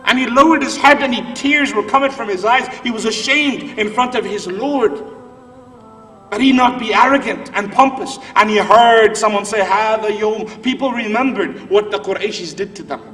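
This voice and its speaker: Man, high voice, impassioned sermon, far from mic. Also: moderate pace, pushed and bright. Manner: impassioned, rising and falling delivery. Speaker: preacher. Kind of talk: emotional sermon. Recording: distant speaker in a reverberant hall with music.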